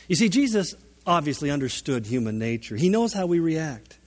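Male pastor, high voice, emphatic sermon, long hall reverb. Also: moderate pace. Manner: animated, emphatic, dramatic shifts in volume.

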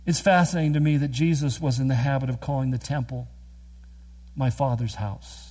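A man preaching a sermon, earnest and emphatic, with quick storytelling asides. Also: medium pitch, fairly even intonation, dark tone, husky. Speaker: pastor.

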